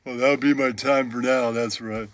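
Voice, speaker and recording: A man doing a parody stand-up routine in a deadpan way, with a repeated catchphrase. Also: mid-range voice, moderate pace. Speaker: comedian parody.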